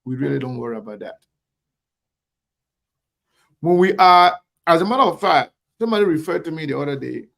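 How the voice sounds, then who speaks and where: A man hosts a live online talk show, calling out viewers and pressing his points with emphatic repetition. His voice sits a little high and carries a gravelly fry. He talks straight to his audience. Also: expressive, brisk, long pauses, fairly bright tone. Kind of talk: live show shout-outs and commentary.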